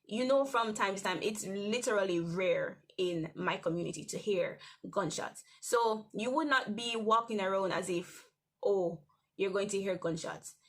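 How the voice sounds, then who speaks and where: A young woman hosting a daily devotional, telling a personal testimony in a conversational, rambling way with restarts and soft laughs. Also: mid-range voice, moderate pace, few pauses. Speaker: devotional host.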